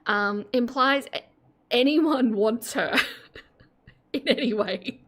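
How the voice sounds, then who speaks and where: A woman's voice: a little high, slow. A woman hosting a live stream, chatting casually with giggles and self-mocking asides.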